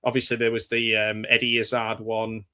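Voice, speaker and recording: An English man hosting a live film chat, his voice bright and forward in tone. He talks in a loose, rambling way, stopping and restarting his sentences and leaning on "um" as he thinks aloud. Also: fairly low pitch, completely flat delivery, a little fast, clear, resonant tone. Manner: rambling, hesitant, with many fillers and restarts. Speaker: show host. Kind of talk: casual live chat about films.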